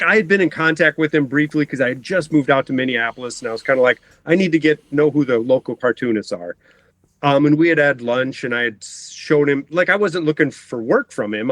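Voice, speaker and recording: A man's voice: mid-range voice, brisk, no room sound. Rambling, chatty man guest. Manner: rambling, self-interrupting, laughs often. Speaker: guest cartoonist. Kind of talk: casual interview chat. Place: home basement.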